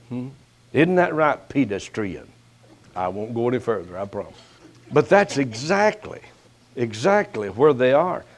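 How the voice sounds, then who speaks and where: An older man preaching a sermon as pastor, his voice rising sharply and then dropping to a hush, with folksy, teasing jabs at his listeners. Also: medium pitch. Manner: slow preaching with sharp rises and hushed drops.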